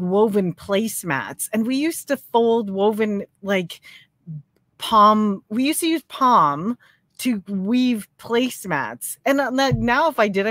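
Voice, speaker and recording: A woman's voice: a little high, fairly bright tone, no room sound, clean studio sound. A woman from Canada co-hosting a casual livestream chat about crochet, talking in a chatty way with lots of "like" and frequent laughs. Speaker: co-host.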